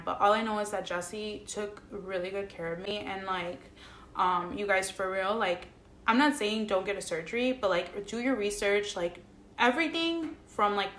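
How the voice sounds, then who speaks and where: A woman's voice: medium pitch, a bit bright, a little hiss or hum. Emotional, swearing young woman in echoey room. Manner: profane, emotional, lots of fillers. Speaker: vlogger. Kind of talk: casual storytelling to camera.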